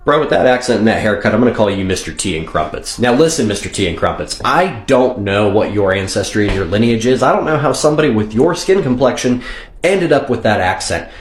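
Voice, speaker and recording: A man's voice: fairly low pitch, animated, a little fast, echoey room, slight background noise. A man hosting a reaction video who speaks with sarcasm, swears freely and scolds the person he answers. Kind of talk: reaction commentary.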